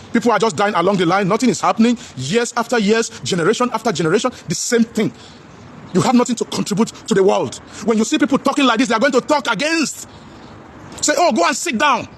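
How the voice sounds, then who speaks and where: Speaking high and at a quick pace over a little hiss or hum, a Nigerian-accented man gives a loud vlog commentary with a preachy edge. He keeps addressing viewers as brothers, says things over again and switches between English and Pidgin.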